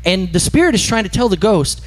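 Animated male preacher. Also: sits high, a little fast. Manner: animated storytelling, emphatic. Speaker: pastor. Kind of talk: sermon.

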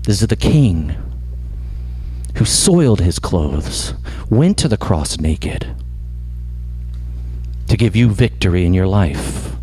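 A man preaching a sermon as pastor, impassioned, swinging from loud emphatic lines to slow hushed ones. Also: low-pitched, sing-song, husky.

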